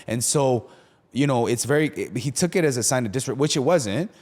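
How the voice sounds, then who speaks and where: A man's voice: mid-range voice, lively intonation, brisk, a little mellow. Casual-talking young man pastor. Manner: conversational, many fillers, acts out quotes. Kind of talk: casual podcast talk.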